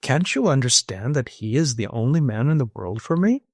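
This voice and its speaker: A man reading an audiobook, voicing a self-possessed young woman who speaks coolly and firmly, lifting his voice higher when she insists. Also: sing-song, moderate pace, darkish tone, dry recording, studio quality. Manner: cool and firm, rises when insistent. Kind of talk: audiobook character voice.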